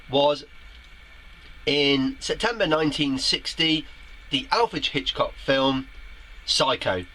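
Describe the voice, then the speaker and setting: A man's voice: bright, forceful tone, slight background noise, poor audio. A middle-aged man hosting a homemade show from his shed, reading out viewer comments in a playful, theatrical way. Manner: playful, theatrical, jumps to high pitch when quoting. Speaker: host of a homemade web show. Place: garden shed.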